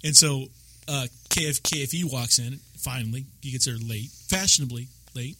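A man's voice: mid-range voice, normal speed, background noise. A man telling a story in a casual chat, laughing often. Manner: animated storytelling with frequent laughs.

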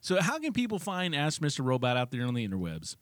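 A man's voice: on the high side, wildly swooping pitch, quick pace, fairly bright tone, no echo. A man hosting a podcast in casual chat, giving short reactions and teasing questions. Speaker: podcast host.

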